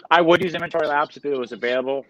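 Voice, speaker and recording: A man from Canada, a guest on a live stream, talking in a loose, slangy, energetic way with many fillers. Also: a little high, rapid-fire, dull audio. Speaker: guest, reseller. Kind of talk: casual interview chat.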